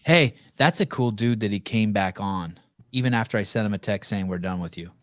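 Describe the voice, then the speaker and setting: A man's voice: lowish voice, brisk, dry recording, studio quality. Blunt, foul-mouthed male podcast host. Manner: blunt, profane, rambling. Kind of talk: casual interview chat.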